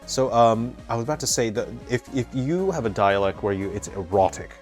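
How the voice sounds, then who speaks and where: A man's voice: mid-range voice, a little fast, faint music behind. A man, a game developer, talking casually over his gameplay, rambling off into long explanations and often correcting himself. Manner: rambling, digressive, explains terms at length; frequent restarts and self-corrections. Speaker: game developer playing and commenting.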